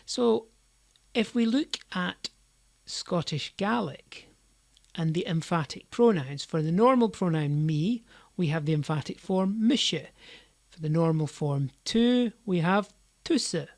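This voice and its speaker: A woman teaching a language lesson, explaining slowly and deliberately and stressing words in her example sentences. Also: lowish voice, animated, darkish tone, no echo.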